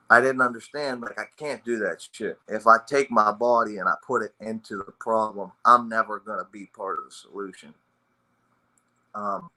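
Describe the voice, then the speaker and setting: A man who is a veteran in recovery, speaking a personal testimony about addiction. His talk is raw and blunt, full of swearing and emotion. The voice sits on the low side yet sounds strikingly bright and forceful. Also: low-quality recording. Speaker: military veteran in recovery sharing his story.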